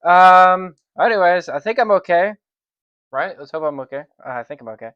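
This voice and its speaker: A man hosts a weather livestream from his room, wheezing as he chats in a self-conscious, apologetic way. His voice sits high and is smooth, with lively intonation and a moderate pace. The stream audio is dry, dull and lo-fi, with no room sound.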